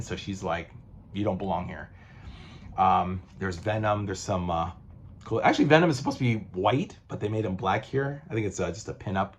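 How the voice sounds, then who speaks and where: A man's voice: lowish voice, highs cut off. A man casually reviewing a comic book collection, rambling and swearing, with many fillers and restarts.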